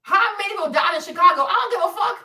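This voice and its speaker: A woman hosting a profane live-stream rant, loud and mocking, laughing often and repeating herself. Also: extremely high pitch, racing, far from the mic. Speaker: show host. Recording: echoey room, away from the mic.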